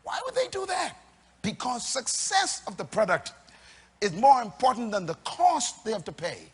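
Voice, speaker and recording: A man's voice: very high voice, huge pitch swings, moderate pace, slightly rough. A man preaching a sermon to a church congregation, emphatic and teasing, repeating his key phrases. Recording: long hall reverb.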